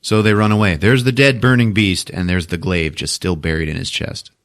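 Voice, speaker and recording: A man hosting a podcast, recapping a movie with lots of swearing and laughter, jumping into loud shouted character voices. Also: deep voice, fairly even intonation, a little fast. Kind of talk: animated comedic movie recap.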